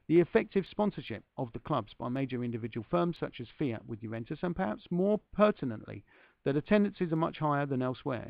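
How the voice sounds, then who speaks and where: A man's voice: on the high side, vocal fry, dry recording, muffled recording. A man hosting a podcast, reading a book passage aloud and breaking off for self-deprecating asides to his listeners. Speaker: podcast host.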